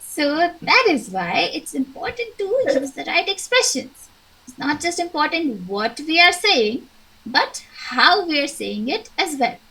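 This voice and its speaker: A young woman with an Indian English accent leads an online English lesson. Her voice sits high and bright, and she takes her time, spelling things out clearly. She encourages her pupils and acts out her examples. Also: poor audio. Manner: slow, clear, encouraging teacher talk with acted examples. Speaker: English teacher. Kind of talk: online class teaching.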